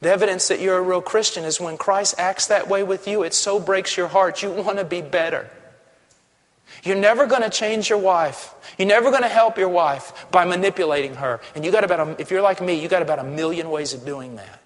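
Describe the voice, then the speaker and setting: A male pastor preaching a sermon, passionate, dropping to a hush and then rising to a shout. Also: sits high, fairly quick. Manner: impassioned, swings from hushed to shouting. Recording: long hall reverb.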